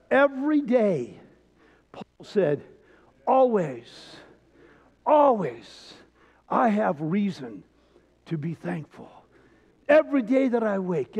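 High-voiced older pastor telling folksy stories. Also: male voice, a little mellow. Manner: folksy storytelling, frequent hesitations. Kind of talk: sermon. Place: church sanctuary. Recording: dull church recording with long reverb.

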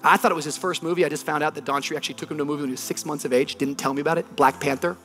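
A man's voice: fairly high pitch, fairly even intonation, racing, a bit bright, soft background music. A man in his thirties, a pastor delivering a sermon, telling a story with animation and building to emphatic preaching.

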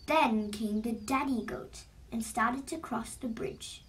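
A woman narrating an illustrated storybook in a slow, expressive read-aloud style, heard from a distant mic. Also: fairly high pitch.

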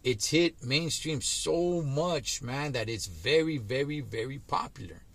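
A man's voice: mid-range voice, lively intonation, measured pace, vocal fry, fairly bright tone. A middle-aged man, vlogging casually about his views, peppering his talk with "man," "dog" and "homie.". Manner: laid-back street slang, frequent "man" and "dog". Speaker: trucker vlogger. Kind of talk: casual monologue to camera.

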